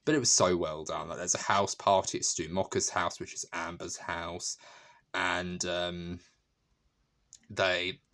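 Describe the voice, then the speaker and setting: Deep-voiced man gushing over a film. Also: fairly even intonation, measured pace, sharp tone. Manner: chatty and emotional, frequent fillers and restarts; laughs often while talking. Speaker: film reviewer. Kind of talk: casual movie review monologue.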